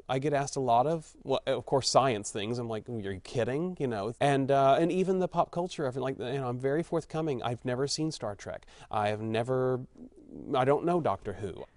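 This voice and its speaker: A man with a slight Texan accent chats through interview answers, frank and forthcoming. He thinks aloud, circles back on his words and fills gaps with ums. The sound is dry and close, and his pitch sits in a middle register. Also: dry recording. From Texas. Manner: frank, chatty, thinks aloud with fillers and restarts. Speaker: actor being interviewed.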